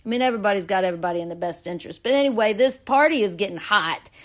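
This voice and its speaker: A woman's voice: mid-range voice, very fast. A woman vlogging a casual astrology and tarot reading, giggly and dramatic.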